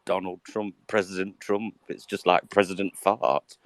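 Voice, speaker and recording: A man's voice: low-pitched, level tone, normal speed, no room sound. A man with a British accent chatting casually, joking in a wry way and rambling through fillers. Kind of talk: casual chat.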